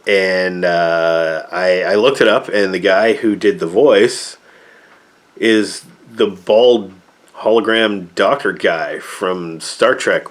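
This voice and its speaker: A man with a fairly low voice talks through a casual movie review. He rambles with many fillers and turns sarcastic and exasperated when he complains about the film.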